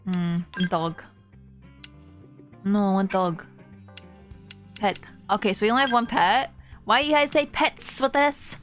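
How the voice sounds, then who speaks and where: A young woman streaming a video game, chatting casually with her viewers, excitable and giggly as she reacts to what happens on screen. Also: mid-range voice, a little slow, long pauses, soft background music. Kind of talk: casual gameplay commentary.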